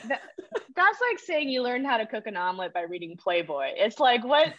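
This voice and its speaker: A woman co-hosting a podcast, dropping quick joking remarks. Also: fairly high pitch, very animated, slight background noise. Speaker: podcast co-host. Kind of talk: casual chat. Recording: dull lo-fi sound.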